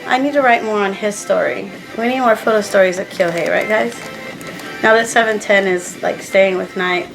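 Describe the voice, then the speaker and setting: Young woman, sad and stressed vlog chat, rambling and halting, music behind. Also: mid-range voice, creaky, low-quality recording. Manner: rambling, emotional, with many fillers and restarts. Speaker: vlogger. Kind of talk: casual chat to camera.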